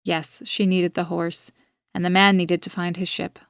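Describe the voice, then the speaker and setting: Low, flat-toned woman narrating a dark tale. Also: clear, resonant tone, no room sound, clean studio sound. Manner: even, measured storytelling. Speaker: author and narrator. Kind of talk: scripted audiobook narration.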